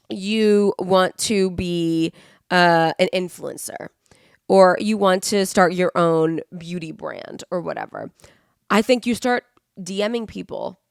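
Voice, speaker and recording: A woman's voice: medium pitch, gravelly, dry recording, studio quality. A woman in her twenties, sick with the flu, hosting a solo podcast and giving earnest, rambling motivational advice full of fillers. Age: 20s. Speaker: podcast host. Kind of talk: casual solo podcast monologue.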